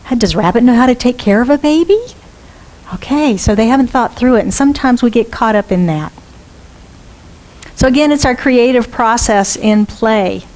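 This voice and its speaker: Woman minister, fairly high voice, lively storytelling sermon that keeps questioning the listeners. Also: normal speed. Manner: lively, asks the congregation questions. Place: church.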